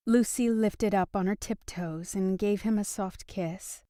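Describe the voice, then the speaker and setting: A woman narrating a romance audiobook in an even, steady storytelling manner. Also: medium pitch, a little slow, few pauses, dry recording, studio quality. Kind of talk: scripted narration.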